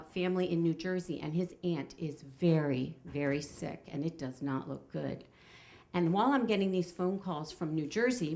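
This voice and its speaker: A middle-aged woman telling a personal story on stage before an audience, wry and animated, slowing down to land each punchline. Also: fairly low pitch. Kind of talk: live storytelling performance.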